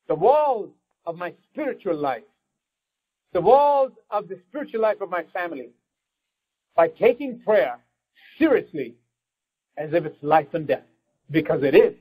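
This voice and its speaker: A man's voice: sits high, darkish tone, slightly rough, low-quality recording. A man preaching a fervent sermon as pastor, breaking into prayer addressed to God.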